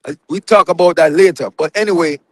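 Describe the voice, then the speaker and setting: A man's voice: fairly high pitch, fairly quick, fairly bright tone. A middle-aged man from Jamaica with a Jamaican accent, telling his life story emphatically as a guest on a casual live interview. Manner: emphatic storytelling, drifts in and out of patois, says "brethren".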